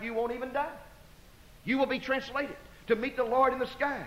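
A man preaching an evangelistic sermon to a congregation, fervent, moving from loud exclamations to hushed, slow emphasis. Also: very high voice, steady tone. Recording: dull lo-fi sermon recording.

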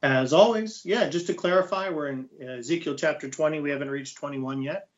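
A man's voice: a little high, brisk, dull audio. A man co-hosting a Bible study program, chatting casually and teasing his partner. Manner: joking, teasing, lively.

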